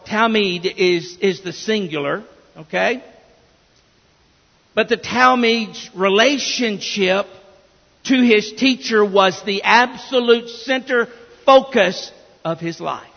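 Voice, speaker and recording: Slow, gravelly-voiced pastor preaching in a hall. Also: male voice, high-pitched. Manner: emphatic preaching with repeated restarts. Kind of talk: sermon. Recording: dull reverberant church recording.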